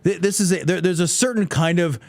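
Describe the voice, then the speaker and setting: A man's voice: sits high, fairly quick, creaky. A man co-hosting a casual comedy podcast, sarcastic and swearing as he reacts to clips. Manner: sarcastic, swears, laughs often. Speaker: podcast co-host.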